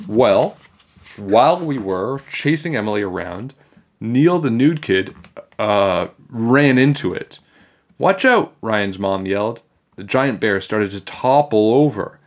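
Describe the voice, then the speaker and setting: Low-voiced man reading a kids' book. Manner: animated, playful. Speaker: storybook reader. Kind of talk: reading a children's book aloud.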